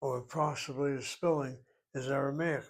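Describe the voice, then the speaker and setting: In a Hebrew lesson, a male teacher lays out grammar point by point in a careful manner, sometimes musing aloud. His voice is medium in pitch with fairly steady intonation.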